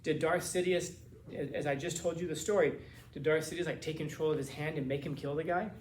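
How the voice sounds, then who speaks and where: A man's voice: on the high side, fairly even intonation, brisk, a little mellow, roomy sound, a little hiss or hum. A man teaching a classroom lecture in a casual, conversational way, often repeating words as he searches for phrasing.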